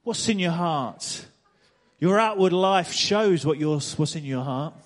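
High-voiced emphatic male preacher. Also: expressive, takes it slowly. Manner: emphatic, repeats phrases, rhetorical questions to the congregation. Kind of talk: sermon. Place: church stage before a congregation.

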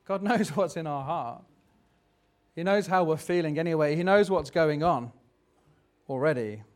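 A man's voice: on the high side, normal speed. A man preaching a sermon in a reflective, conversational way, turning dramatic when he reads scripture.

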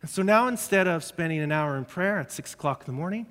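High-voiced man preaching in a hall. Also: fast. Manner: lively, conversational preaching with self-deprecating humor. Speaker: pastor. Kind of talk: sermon.

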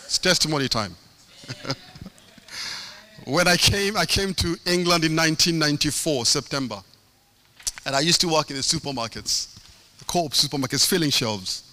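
A man's voice: on the high side, normal speed, pauses often, pushed and bright. A middle-aged man preaching a sermon, impassioned, with a sing-song cadence and lots of repetition.

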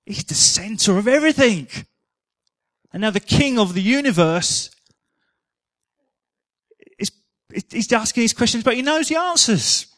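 A man's voice: extremely high pitch, animated, unhurried, long pauses, fairly bright tone, no echo, clean studio sound. A man preaching a sermon in a chatty, humorous storytelling manner.

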